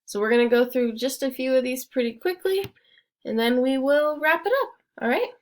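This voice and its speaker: A woman's voice: high voice, normal speed. A young woman teaching a phonics lesson, encouraging her students and breaking words into syllables one at a time.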